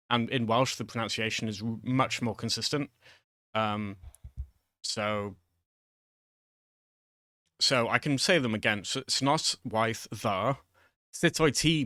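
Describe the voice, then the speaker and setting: Man talking through a quiz, bright voice, dry close mic, rambling, self-mocking. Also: fairly low pitch, dry recording. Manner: rambling, many fillers and restarts. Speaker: YouTuber teaching Welsh. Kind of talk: casual screen-share commentary.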